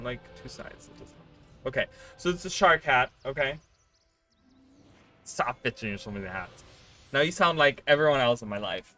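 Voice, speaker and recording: Swearing freely, a mid-range-voiced man rambles excitably as he chats with viewers during a casual live stream.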